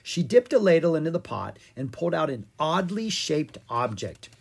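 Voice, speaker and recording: An animated reader telling a children's story, the pitch rising and falling a lot. The voice has a soft husky grain and an average middle pitch. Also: normal speed. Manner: animated, expressive. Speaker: audiobook reader. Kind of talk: storybook narration.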